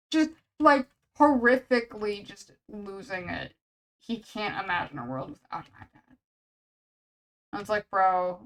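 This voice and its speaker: A woman's voice: medium pitch, vocal fry, fairly bright tone, low-quality recording. A woman streaming casually while drawing commissions, rambling to chat and calling everyone "bro" and "man". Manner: rambling and chatty, says "bro" and "man" constantly; reacts to chat with quick laughs and exaggerated outbursts.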